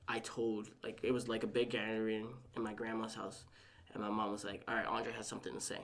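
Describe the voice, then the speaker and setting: Gravelly young man telling a story. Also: lowish voice, little pitch movement, fast. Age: young adult. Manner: rambling storytelling full of "like", acting out quoted family members. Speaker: podcast guest. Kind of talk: casual podcast conversation.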